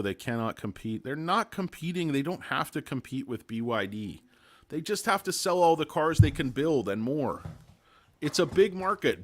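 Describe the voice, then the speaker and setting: He speaks on the high side with a fairly bright tone. As host of a casual stock market live stream, he rambles, makes crude wisecracks, and calls out chat viewers by name.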